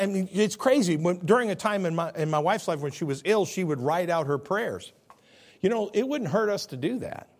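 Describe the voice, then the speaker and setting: A middle-aged pastor delivering a sermon with lots of humor and questions to his listeners. His voice sits high for a man and swoops up and down with big animated swings. He jokes, teases and then drops low for earnest points.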